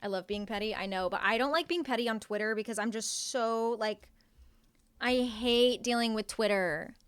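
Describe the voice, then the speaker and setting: A woman's voice: a little high, moderate pace, fairly bright tone, clear, resonant tone, no echo. A young woman live streaming from home, chatting casually with her viewers and answering their chat with playful sarcasm.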